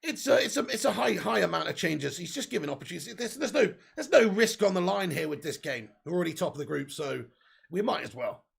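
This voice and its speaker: Brief: male watch-along host, high-ish gravelly voice with a husky edge, casual, excitable. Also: quick pace. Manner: excitable, casual, swears, reads out viewer messages. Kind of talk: live football watch-along commentary.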